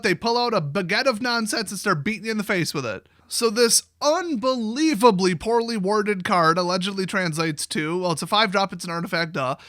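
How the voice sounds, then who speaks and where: A man's voice: high-pitched, pushed and bright, no room sound, studio quality. A man hosting a card game review, ranting in a sarcastic, exasperated and profane way. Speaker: card game video host.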